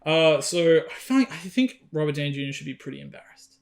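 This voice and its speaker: A man co-hosting a film podcast in loose, casual chat. His voice sits a little high, and he jokes and laughs easily between points. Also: a little fast, creaky. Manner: laughs often, jokey, animated. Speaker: podcast co-host.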